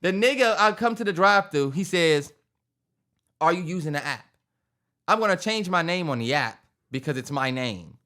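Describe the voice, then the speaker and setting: A young man co-hosting a podcast, telling a story in casual chat, animated and laughing as he acts out the people in it. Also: high voice, brisk. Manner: animated storyteller, acts out quoted voices, laughs through his stories. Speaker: podcast co-host.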